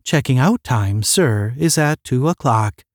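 A man voicing a hotel's communicator machine that speaks softly and politely in an audiobook. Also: medium pitch, animated, measured pace, no echo, studio quality. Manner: soft and polite.

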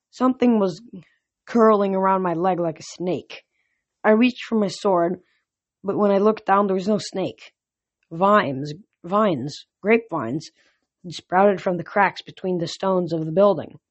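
A woman reading a novel aloud as storybook narration, in a steady, plain way with self-corrections. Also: mid-range voice, no echo. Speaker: reader. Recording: dull lo-fi recording.

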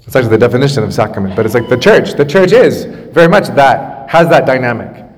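A man's voice: mid-range voice, big pitch swings, fast talker. A man in his thirties, a pastor, preaching a sermon casually, with asides and restarts, on a makeshift microphone in a church. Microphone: makeshift microphone after the main one broke. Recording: long church reverb.

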